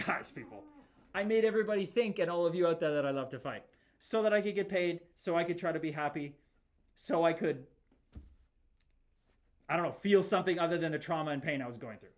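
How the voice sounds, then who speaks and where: A man in his thirties, a former fighter from Canada, hosting a livestream. He reads chat aloud and talks emphatically, repeating himself like a preacher. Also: fairly high pitch. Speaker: podcast host reading live chat. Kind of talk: livestream talk.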